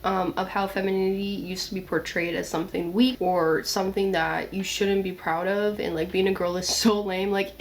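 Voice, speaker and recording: A woman's voice: medium pitch, steady tone, normal speed, few pauses, a little hiss or hum. A young woman making a casual commentary vlog. She talks in a blunt, chatty way, swears now and then and uses a lot of "like". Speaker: video essayist.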